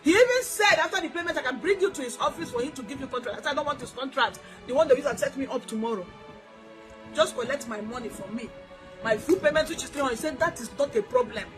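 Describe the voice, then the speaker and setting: A woman's voice: high voice, lively intonation, fast talker, over music, rough recording. A woman with a Nigerian accent giving an emotional first-person account to the public, emphatic, repeating her points and acting out what others said. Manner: emphatic, repeats lines, acts out quoted speech. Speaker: businesswoman telling her story.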